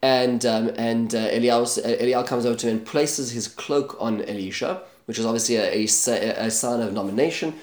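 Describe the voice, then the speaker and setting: A man's voice: mid-range voice, a little fast, few pauses, a little mellow, echoey room. A man giving an informal Bible lesson, telling the story conversationally, mixing Hebrew terms and verses into his English, and briefly acting out the characters' lines. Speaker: Bible teacher.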